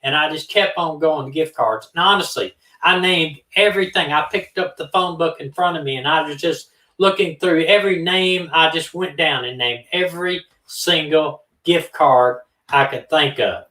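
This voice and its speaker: A man co-hosting a casual live stream, telling stories with lively back-and-forth voices for each caller. His tone is bright and somewhat high. He sits away from the mic, so the room echoes around him. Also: normal speed, few pauses, recorded from a distance. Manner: animated, acts out both sides of phone calls. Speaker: co-host of a true-crime live stream. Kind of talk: casual storytelling. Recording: roomy, from off the mic.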